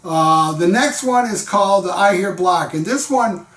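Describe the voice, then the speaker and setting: A man's voice: high voice, expressive, measured pace, fairly bright tone, roomy sound, recorded from a distance. Laid-back man rambling about an album. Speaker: music vlogger. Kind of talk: casual album review.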